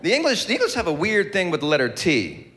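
A man doing a stand-up comedy routine, animated, slipping into mock accents. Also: sits high, fast. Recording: live comedy club with crowd noise. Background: audience crowd.

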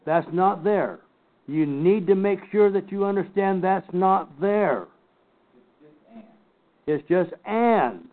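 An older man teaching a Bible class, slowly and emphatically picking apart scripture word by word. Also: high-pitched, lively intonation. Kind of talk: Bible study lecture. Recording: tinny phone-like recording.

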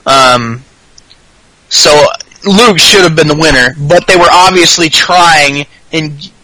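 A man's voice: a little high, slow, sharp tone, dry recording, rough recording. A man hosting a podcast, chatting casually in a rambling, profane, jokey way. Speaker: podcast host. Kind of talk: casual chat.

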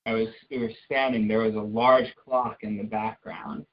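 A man giving a halting, hesitant testimony before a congregation, with many restarts. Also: lowish voice, flat delivery, slight background noise. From United States. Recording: dull lo-fi recording.

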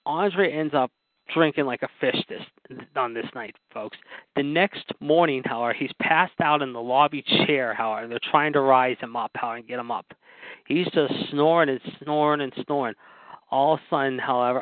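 A man's voice: mid-range voice, no room sound. A man hosting a podcast, telling wrestling stories in a rambling casual way, full of fillers and repeated asides. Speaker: podcast host. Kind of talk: casual storytelling about wrestling history. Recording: dry, phone-like narrow sound.

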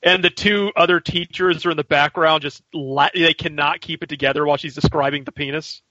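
Bright, joking male podcast co-host. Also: on the high side, fairly even intonation, a little fast, dry recording. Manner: jokey, crude, jumps into impressions. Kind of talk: casual chat. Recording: dull lo-fi podcast audio.

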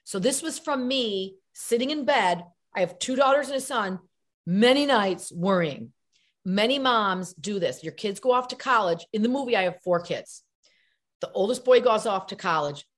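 A middle-aged actress being interviewed, chatting and telling animated stories with acted-out voices. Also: female voice, medium pitch, normal speed. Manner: animated storyteller, acts out voices. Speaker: guest actress. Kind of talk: casual interview chat.

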